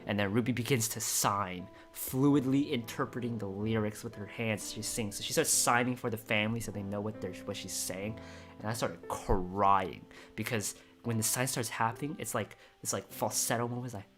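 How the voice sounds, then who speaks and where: A man reading a screenplay aloud in a casual way, excitable and choked up, often restarting his sentences. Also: lowish voice, a little fast, soft background music. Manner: excitable, emotional, with frequent restarts. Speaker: screenplay reader and commentator. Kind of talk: casual script read-through with commentary.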